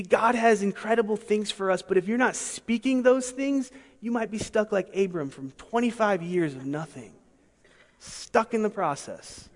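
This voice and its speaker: High-voiced male preacher in a reverberant hall. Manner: emphatic, rhetorical questions, swings between soft and loud. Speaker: pastor. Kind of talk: sermon.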